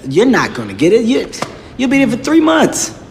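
A man's voice: very high voice, huge pitch swings, normal speed, big-room sound, a little hiss or hum, exaggerated voice. An actor playing a blunt, exasperated streetwise man in film comedy dialogue, brash and profane.

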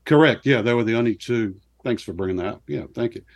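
A middle-aged man from New Zealand, a former pro golfer, telling lively, self-deprecating stories as an interview guest. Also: medium pitch, fast talker. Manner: animated anecdotes with self-deprecating laughs. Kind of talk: casual storytelling interview.

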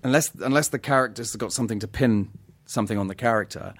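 A British actor as a podcast guest, telling animated stories with lots of restarts and laughs. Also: male voice, mid-range voice, quick pace, husky, dry recording. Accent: British English. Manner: animated storytelling, many restarts, laughs often. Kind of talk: podcast conversation.

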